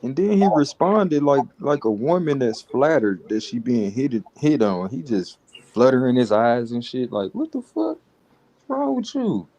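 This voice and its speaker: Wry, swearing male co-host, mid-pitch voice. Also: sing-song, normal speed, warm tone. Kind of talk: casual comedic reaction talk.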